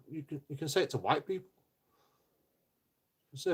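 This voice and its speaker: A man's voice: mid-range voice, expressive, brisk, pauses often, slightly rough. A man ranting casually on a live stream, rambling and profane, with lots of stumbling restarts.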